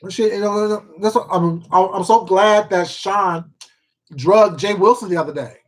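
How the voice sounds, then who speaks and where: A man with a notably high voice for his sex, hosting an eating livestream. He rants bluntly, swears freely and hammers his points home through repetition, breaking off now and then to greet his viewers by name. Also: unhurried. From Washington State. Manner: blunt, profane and emphatic, repeats himself, greets viewers by name. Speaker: mukbang YouTuber. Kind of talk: casual live-stream rant while eating.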